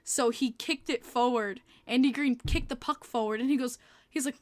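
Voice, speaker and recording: Young woman host, chatty and giggly, fairly high pitch, talks to live chat. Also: normal speed, long pauses. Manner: chatty, laughs often, answers chat. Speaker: podcast host. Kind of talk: casual livestream chat.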